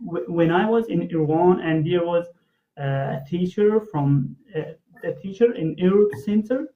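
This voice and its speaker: Hesitant man on a tinny line. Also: high voice. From Afghanistan. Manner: hesitant, many fillers. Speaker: interview host. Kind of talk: interview questions.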